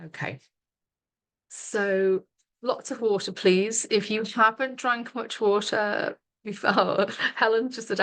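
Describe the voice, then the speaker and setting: A woman's voice: medium pitch, steady tone, slow pace, a bit bright. A middle-aged woman, leading a live online workshop as a coach in a chatty, giggly way full of fillers, over a webcam mic.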